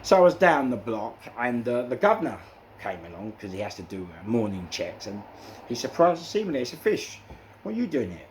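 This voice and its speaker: A man with a London accent recounting prison episodes in animated storytelling, acting out the exchanges and often saying "you know". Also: mid-range voice, brisk, slight background noise. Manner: acts out quoted exchanges, frequent "you know" fillers. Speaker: interviewee recounting prison life.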